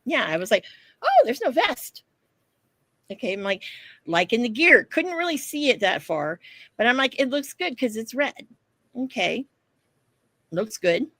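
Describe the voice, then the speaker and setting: Animated woman telling a story. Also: a little high, normal speed, no echo. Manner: animated storytelling, acts out quotes, swears freely. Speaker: podcast co-host. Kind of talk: casual chat.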